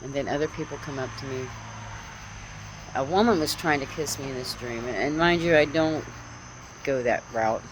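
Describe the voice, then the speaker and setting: A woman's voice: very deep voice, moderate pace, long pauses, noisy background. A woman vlogger telling a dream and giving spiritual encouragement in a rambling, earnest way, repeating her phrases, speaking outdoors on her porch at night into a phone. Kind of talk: casual storytelling monologue. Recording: crickets and insects chirping outdoors. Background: crickets, insects, passing vehicles.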